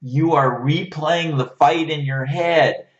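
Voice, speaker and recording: Unhurried male relationship coach, roomy sound. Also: on the high side. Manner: unhurried, coaching, checks in with "right?". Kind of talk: motivational teaching talk. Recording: roomy, distant, dull lo-fi sound.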